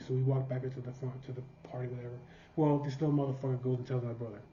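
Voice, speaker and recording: A man's voice: mid-range voice, flat delivery, very fast, dark tone. Blunt, profane man telling a story. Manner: blunt, profane, voices the people he quotes. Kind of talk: casual personal storytelling. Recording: dull, slightly noisy recording.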